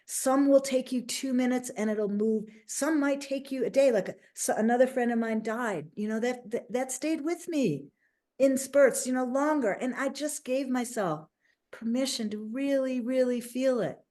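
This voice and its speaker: Woman host and life coach, casual interview, animated delivery, pitched a bit high. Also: normal speed. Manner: animated, acts out little quoted voices.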